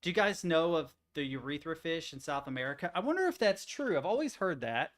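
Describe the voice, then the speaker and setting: A man's voice: on the high side, big pitch swings, a little fast, a bit bright. Profane, rambling young male streamer. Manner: profane, rambling, easily amused. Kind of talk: casual chat reacting to articles.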